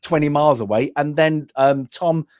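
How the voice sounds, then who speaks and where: Opinionated man, fairly high voice. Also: moderate pace, no room sound, studio quality. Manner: opinionated, rambling, animated, many restarts. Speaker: podcast co-host. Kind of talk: casual film review chat.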